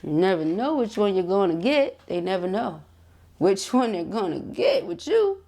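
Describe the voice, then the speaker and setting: A woman's voice: mid-range voice, very animated, moderate pace, dark tone. A woman giving a casual, emphatic tarot reading straight to her viewers. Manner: chatty, emphatic, addresses viewers directly with asides and laughs. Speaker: tarot reader.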